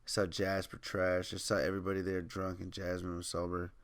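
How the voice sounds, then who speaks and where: A man's voice: sits low, monotone, brisk, clean tone. A young man co-hosting a podcast, casually telling profane stories, acting out quotes and laughing often. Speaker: podcast co-host. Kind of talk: casual chat.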